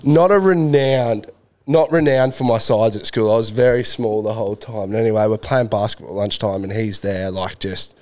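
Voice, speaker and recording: A man's voice: fairly low pitch, normal speed, a little mellow. Young male co-host, chatty storyteller, laughs and swears freely. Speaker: podcast co-host. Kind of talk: casual chat, storytelling.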